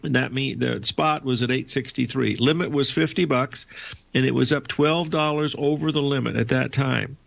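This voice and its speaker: A man's voice: mid-range voice, fairly even intonation, normal speed, creaky, a bit bright. A man in his seventies hosting a talk show, telling a rambling, folksy anecdote with many restarts and asides to the audience. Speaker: radio show host and veteran trader.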